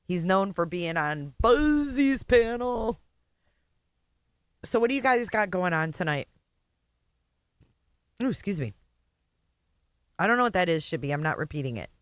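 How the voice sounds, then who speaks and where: A woman's voice: lowish voice, big pitch swings, measured pace, pauses often, dry recording. A woman hosting a livestream, reacting to clips with sarcasm and frequent laughter. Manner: amused, sarcastic, laughs often. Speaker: host.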